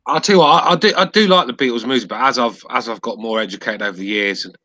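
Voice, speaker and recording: A man's voice: medium pitch, fast, sharp tone, no room sound, low-quality recording. A man on a podcast panel, speaking bluntly and swearing freely. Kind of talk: casual podcast chat.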